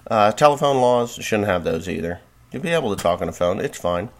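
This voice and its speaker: A man's voice: fairly low pitch, animated, a little fast. A man from New Jersey hosting a farm podcast, telling a rambling story in a casual monologue.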